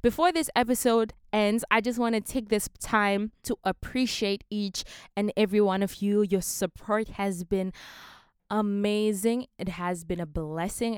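A woman's voice: mid-range voice, fairly even intonation, measured pace, clear, resonant tone, no echo, studio quality. A young woman from Africa hosting a casual motivational podcast, earnest and emphatic, repeating her key phrases. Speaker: podcast host.

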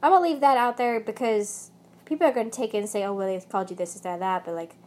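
A woman's voice: medium pitch, quick pace, a little mellow. A young woman with a British accent vlogging about her ex, rambling and swearing heavily, with angry bursts. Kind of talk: emotional personal rant.

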